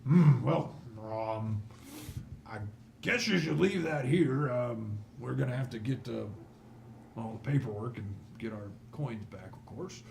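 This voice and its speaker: A man voicing a male dwarf constable of the city watch, drawn-out and wry, in a tabletop game. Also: mid-range voice, creaky, darkish tone, echoey room, slight background noise.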